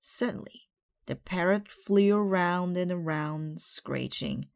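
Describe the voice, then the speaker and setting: Slow, low-voiced woman reading a storybook. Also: creaky, a little mellow, clear, resonant tone, no echo. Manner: slow, careful read-aloud. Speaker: storybook reader. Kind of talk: reading a children's picture book aloud.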